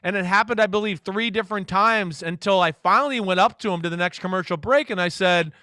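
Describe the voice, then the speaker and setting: Former qb guy in his 40s on talk radio, high bright voice, dry close sound, acts out the quotes. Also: fast talker, hardly any pauses, no room sound. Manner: animated storytelling, acts out quotes loudly. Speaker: former quarterback, guest. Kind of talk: casual radio interview.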